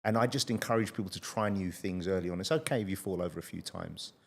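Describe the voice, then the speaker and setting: A man in his late forties, hosting a podcast interview and telling stories in a lively, chatty way. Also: sits low, fast, gravelly. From United Kingdom. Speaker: podcast host. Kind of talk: casual interview chat.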